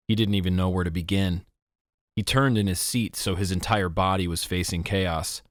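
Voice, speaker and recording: A man narrating a teen fantasy audiobook in an even, measured way. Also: low voice, no echo, clean studio sound. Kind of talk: scripted narration.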